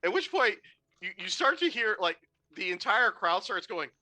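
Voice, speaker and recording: A game master narrating a tabletop game in an animated, laughing, loose way. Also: medium pitch, normal speed.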